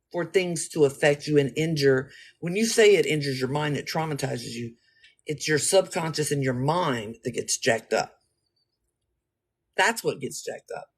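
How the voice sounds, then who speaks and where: A man with a voice on the high side chats casually, addressing his listeners directly as he tells a lively, slang-filled, wandering story.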